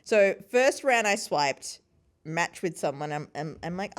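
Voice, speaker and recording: A woman in her thirties, a podcast guest, chatting and telling stories in an animated way, acting out what people said and laughing often. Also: lowish voice, unhurried. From Sri Lankan family. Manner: animated, acts out quoted voices, laughs often. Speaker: podcast host and interview guest. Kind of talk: casual conversational storytelling.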